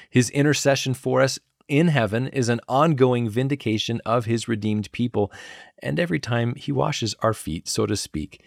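A man hosting a podcast, giving an earnest, measured devotional teaching. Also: on the low side, no room sound, clean studio sound. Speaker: podcast host and Bible teacher.

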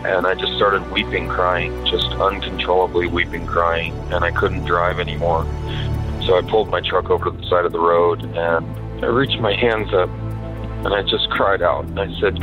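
A man sharing a personal faith testimony, earnest and halting, with pauses and fillers. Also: deep voice, fairly even intonation. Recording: dull lo-fi recording with music under it. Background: soft music bed.

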